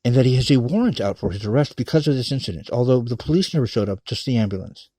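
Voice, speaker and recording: A man's voice: mid-range voice, animated, quick pace, warm tone, no echo. A man telling a rambling personal story in a casual, profane, emphatic way.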